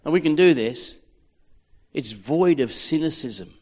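A man's voice: on the high side, animated, a little slow, darkish tone. A man with an Australian accent preaching a rousing, jokey sermon as a pastor, recorded in a large hall. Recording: echoey hall.

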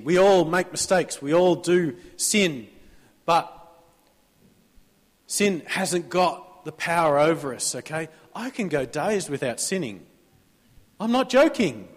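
A male Australian pastor delivers his sermon in an easy, conversational way, pitched a little high for a man, and keeps inviting the congregation to call back amen. His throat is sore. The sound carries a long church-hall reverb. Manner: conversational preaching, prompting the congregation to answer amen.

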